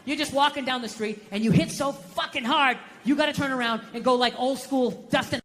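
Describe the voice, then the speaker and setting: High, bright-voiced man doing stand-up. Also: a little fast, slight background noise. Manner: animated storytelling, acts out his own inner voice. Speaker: stand-up comedian. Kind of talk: stand-up comedy set. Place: large theater stage. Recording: live theater reverb, faint audience.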